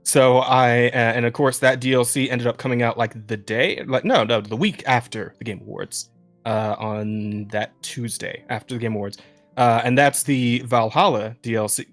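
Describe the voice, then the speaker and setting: A man's voice: medium pitch, steady tone, moderate pace, soft background music. A young man co-hosting a podcast in casual chat, rambling with lots of restarts, swearing and laughing often. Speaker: podcast co-host.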